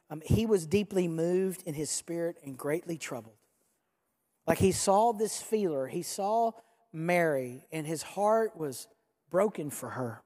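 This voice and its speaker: A pastor preaching a sermon to a live congregation, talking conversationally and swinging between soft, slow stretches and loud, quick bursts, sometimes leading the crowd in repeating a line. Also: mid-range voice. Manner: leads the congregation in repeating lines. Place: large church hall with a live congregation. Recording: long hall reverb.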